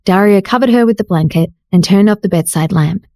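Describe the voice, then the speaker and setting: A woman reads an audiobook novel in steady scripted narration. Her voice sits at a middle pitch with a mellow, warm tone. The sound is close and dry. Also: fairly quick, no room sound. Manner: steady storytelling reading.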